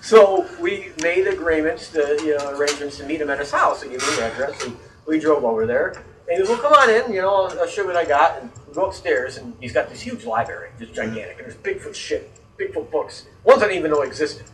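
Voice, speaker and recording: A man's voice: fairly high pitch, fast, far from the mic, crowd noise, poor audio. A man telling a long story in casual podcast chat, swearing freely and acting out the voices of the people in it. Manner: animated storyteller, swears, acts out quoted voices.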